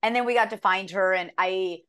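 A woman voice actor chatting in an interview, animated and acting out bits of her lines as she talks, with a dry, sarcastic edge. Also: medium pitch, brisk, clear, resonant tone. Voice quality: can sound dry and sarcastic. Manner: animated, acts out lines mid-story. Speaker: voice actor guest. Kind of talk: casual interview chat.

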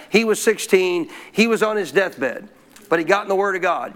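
A man preaching a sermon as pastor, telling a story with lively questions to the congregation. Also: high voice, a little fast. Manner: animated storytelling, asks the crowd questions.

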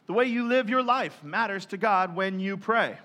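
A male pastor giving a lively sermon, joking and acting out people's prayers in mock voices. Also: high-pitched, normal speed.

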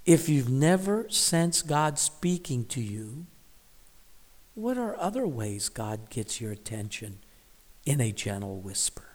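A man's voice: fairly high pitch, sing-song, slow, long reverb tail. A man giving a devotional Bible reading and reflection, thoughtful, sometimes dropping to a whisper on key words. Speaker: Bible teacher.

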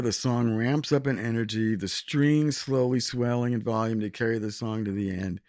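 A man co-hosting a podcast, reading out earnest, admiring song reviews in a measured way. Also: medium pitch, no echo, clean studio sound. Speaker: podcast co-host.

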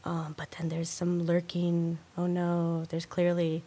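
A woman's voice: on the low side, unhurried. Rambling, chatty woman podcast host. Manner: rambling, animated storytelling with many fillers. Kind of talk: casual chat.

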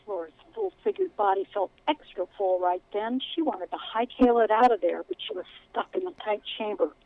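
A woman, a children's author, reading aloud from her book with expressive storytelling in an interview. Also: on the high side, moderate pace, no room sound, phone-quality sound.

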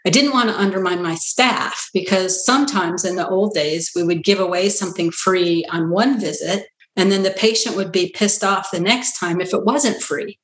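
A middle-aged woman family physician telling stories in an earnest conversational interview, animated when she quotes others. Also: mid-range voice, normal speed, few pauses. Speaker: family physician, practice founder. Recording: roomy echo.

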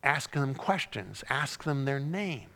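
A man's voice: mid-range voice, big pitch swings, slow, vocal fry, bright, forceful tone. A man preaching a sermon, telling the story dramatically and acting out the cries and crowd lines. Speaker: pastor. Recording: long hall reverb.

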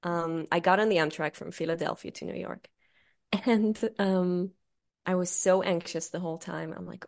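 A young woman co-hosting a podcast, with a voice that sits a little low. She tells stories in a loose, casual way. She swears freely and laughs often. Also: steady tone, moderate pace, vocal fry. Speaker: podcast co-host. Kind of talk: casual chat.

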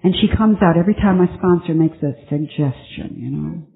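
A woman sharing her recovery story at a twelve-step meeting, earnest and halting with many restarts. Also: on the low side, creaky. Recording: tinny phone-like conference tape.

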